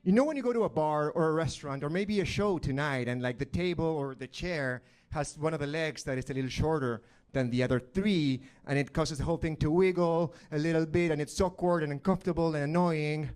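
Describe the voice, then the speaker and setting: A middle-aged man from Argentina, telling a deadpan, dark personal story in stand-up. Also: fairly high pitch, fairly quick, hardly any pauses, smooth. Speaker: stand-up comedian. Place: live comedy stage.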